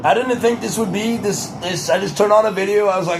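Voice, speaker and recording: Young guy vlogging, high voice, goofy and chatty. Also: a little fast, vocal fry, few pauses, a little hiss or hum. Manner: playful, drifts into pep talk. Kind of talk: casual rambling monologue.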